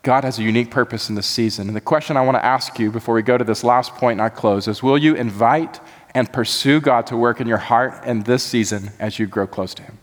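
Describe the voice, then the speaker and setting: A man's voice: mid-range voice, a little fast, in a large hall. A man preaching a sermon as pastor, earnest and building to impassioned emphasis.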